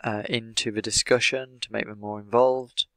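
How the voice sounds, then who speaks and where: A man with an English accent, an English teacher explaining the language of an interview in a measured way, with many "sort of" fillers. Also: fairly low pitch, little pitch movement, fairly bright tone, no room sound. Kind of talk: explanatory lesson analysing an interview.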